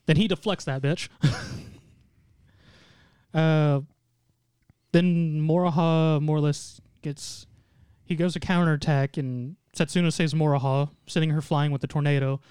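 Host, male, upper-pitched, smooth dry voice, animated storyteller recapping an episode. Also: a little slow, no room sound. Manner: animated storytelling, mock quotes in put-on voices, frequent laughter. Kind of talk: casual recap chat.

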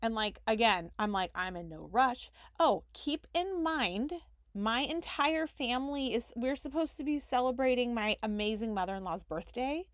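A woman's voice: fairly high pitch, animated, normal speed, no room sound, studio quality. A young adult woman hosting a podcast, telling a story casually and fillng it with "like" as she reenacts conversations. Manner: chatty, heavy use of "like", reenacts conversations. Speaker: podcast host.

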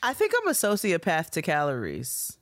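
A woman's voice: low-pitched, wildly swooping pitch, moderate pace, no echo, clean studio sound. A woman co-hosting a casual podcast chat with a laid-back, blunt and joking manner. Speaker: podcast co-host.

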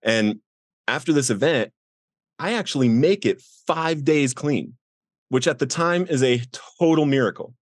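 A middle-aged man recounts his descent and recovery with raw earnestness, leaning into the quoted moments and lifting his voice to act them out. His mid-pitched voice sits dry and close to the mic, with no room sound around it. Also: animated, a little slow, dry recording. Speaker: guest sharing recovery story. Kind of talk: emotional personal storytelling.

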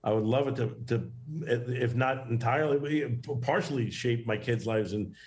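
A man's voice: mid-range voice, moderate pace, a little mellow, a little hiss or hum. A middle-aged man from New York, a guest in a casual interview, talking in a rambling way with many restarts and fillers.

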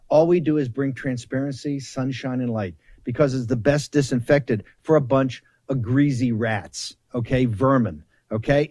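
A man's voice: medium pitch, a little mellow, no echo. A male talk host rails against his opponents in a fiery, taunting voice, hammering his points with repeated rallying lines. His voice sits in a middle register and sounds close and dry on a studio mic, with no room around it. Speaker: political talk show host. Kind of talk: combative political commentary.

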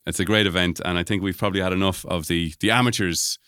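Deep-voiced Irish podcast host. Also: male voice, steady tone, fast, sharp tone, clear, resonant tone, no echo, studio quality. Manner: easygoing, rambling, many fillers. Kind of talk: casual chat, hosting.

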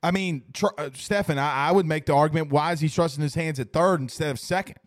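A man hosts a casual sports talk stream from a studio, reading chat aloud. His voice sits fairly high and he rambles emphatically, hammering phrases again and again. The sound is dry and close, with no room echo. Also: fast talker. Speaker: host reading live chat.

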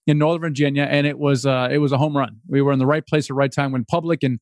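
A middle-aged man from the United States, a real estate investor telling his story as a podcast guest, animated and acting out voices. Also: medium pitch, fast talker, no room sound, studio quality. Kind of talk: podcast interview conversation.

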